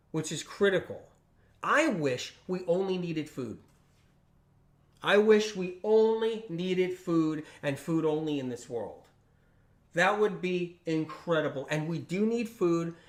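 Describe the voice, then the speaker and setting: A man with a notably high voice talks on a casual livestream. He speaks emphatically and repeats his points, often checking in with tag questions. He slips into lively voices when quoting friends. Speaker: health channel host on a livestream.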